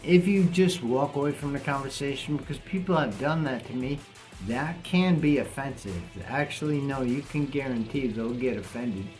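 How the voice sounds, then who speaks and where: A man's voice: mid-range voice, moderate pace, darkish tone, faint music behind. A man talking bluntly and casually to camera in a vlog, cursing now and then. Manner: blunt, plainspoken, swears casually. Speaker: vlogger.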